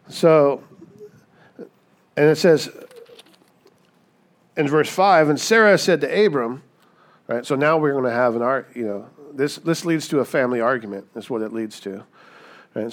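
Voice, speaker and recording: A man preaching a sermon in a lively, conversational way, acting out the people he quotes and often asking "right?". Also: mid-range voice. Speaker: pastor.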